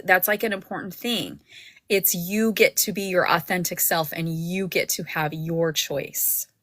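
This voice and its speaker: A woman's voice: lowish voice, pushed and bright, no room sound, low-quality recording. A woman hosting a book club livestream, talking casually and rambling with many fillers and restarts.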